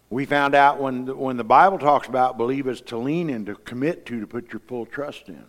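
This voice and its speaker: A man's voice: medium pitch, normal speed, hardly any pauses. A man preaching a sermon, folksy and conversational, rising to emphatic peaks. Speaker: pastor.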